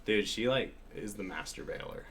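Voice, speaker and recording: A man's voice: on the low side, moderate pace, slight background noise. A man chatting casually on a podcast, laughing often and telling jokes. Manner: laughs often, tells jokes with lively voices. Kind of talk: casual chat.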